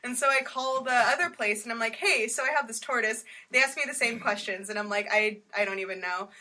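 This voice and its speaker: A woman telling a funny story in casual chat, animated and laughing as she acts out what people said. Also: on the high side, fairly quick, background noise. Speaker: storyteller guest.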